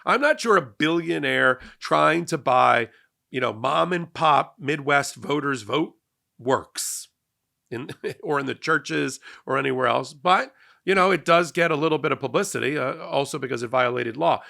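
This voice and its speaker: A man's voice: medium pitch, normal speed, creaky, bright, forceful tone. Sarcastic man hosting political commentary. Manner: sarcastic, repeats words when starting sentences. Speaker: legal commentary host.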